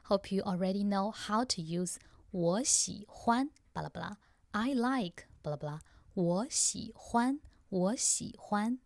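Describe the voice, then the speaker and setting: A woman with a Chinese accent co-hosting a podcast, teaching slowly and repeating words carefully for learners. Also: medium pitch, animated, vocal fry, darkish tone, dry recording. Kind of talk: slow language lesson chat.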